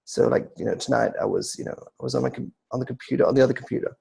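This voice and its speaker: A man's voice: medium pitch, steady tone, rapid-fire, creaky, warm tone, slightly rough. A middle-aged man hosting a casual discussion, telling a rambling family story and reading out listener comments. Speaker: host.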